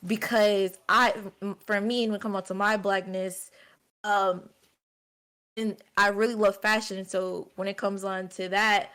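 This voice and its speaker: A woman talking candidly in a group discussion, slow and hesitant, with many fillers. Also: medium pitch, level tone, fairly bright tone, clean tone. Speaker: stream co-host.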